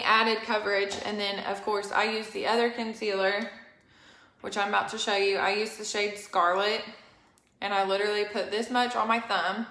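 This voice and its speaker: A young woman hosts a casual makeup tutorial on a live stream, her voice a little high and a bit bright. She chats and rambles, sounds slightly out of breath, and drops apologetic asides, all in an echoey room.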